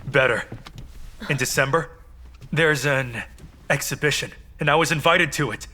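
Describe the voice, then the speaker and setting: An actor playing an eager, chatty husband in a dubbed melodrama. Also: male voice, mid-range voice, normal speed, bright, forceful tone, slight background noise, lightly acted. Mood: excited. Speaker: dubbed drama character.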